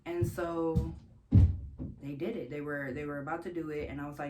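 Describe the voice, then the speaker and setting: A young woman vlogs over music, telling a personal story candidly and casually, swearing freely and laughing between sentences. Her tone is steady and her speed normal, but she jumps much higher when quoting herself.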